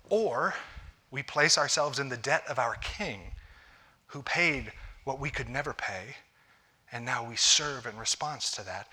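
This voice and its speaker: A man's voice: mid-range voice, sharp tone. A man, a pastor, preaching a conversational sermon to a congregation, often restarting his phrases.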